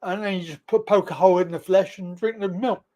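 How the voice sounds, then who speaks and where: A man from England hosting a live stream, chatting in a relaxed, agreeable way with casual swearing. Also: sits high, brisk, dull audio. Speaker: livestream host. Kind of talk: casual chat.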